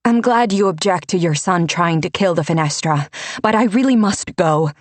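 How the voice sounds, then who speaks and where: A woman narrator voicing a guarded young heroine who answers in a clipped, flat and firm way. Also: on the low side, moderate pace, no echo, natural voice.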